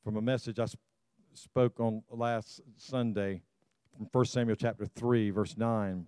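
Exhorting older male pastor, mellow voice. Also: on the low side, steady tone, a little slow, clean tone, dry recording. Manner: exhorting, repeats "come on" to the congregation; stumbles and restarts often. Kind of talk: sermon.

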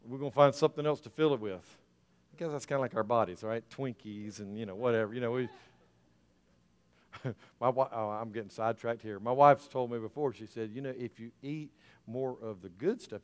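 A man preaching a sermon as pastor, folksy and rising to fervent emphasis. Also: medium pitch. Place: church sanctuary. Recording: reverberant church hall, soft music.

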